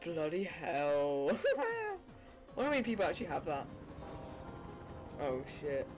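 An excitable British man chatting through a game stream, laughing and swearing freely. His voice swings up and down a lot, with faint game music in the background. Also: on the high side, measured pace. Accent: British English. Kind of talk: casual gaming livestream chat.

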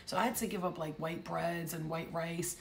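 A woman's voice: lowish voice, fairly even intonation, normal speed, gravelly, a little hiss or hum. A woman giving a rambling, casual intuitive reading, chatty and blunt with crude jokes. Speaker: psychic tarot reader.

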